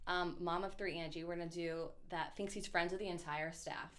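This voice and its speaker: A woman's voice: lowish voice, fairly even intonation, brisk, fairly bright tone. A woman co-hosting a live comedy stream, reading audience suggestions in a bubbly way. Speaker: co-host picking chat suggestions.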